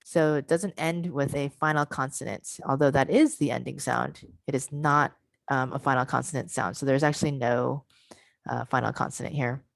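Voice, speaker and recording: A woman presenting an online workshop for English teachers over a video call. She explains step by step and models sounds with slow, drawn-out syllables. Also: a bass voice, steady tone, gravelly, dry recording.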